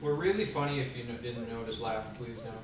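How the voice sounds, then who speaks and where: A man musing aloud over a video game, rambling and filling his sentences with "like" between jokes. His voice sits at an average pitch, but it lands far from the mic in a very echoey room with faint noise underneath. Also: fast. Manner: rambling, heavy on "like", joking. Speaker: let's play co-host. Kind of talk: casual gameplay commentary.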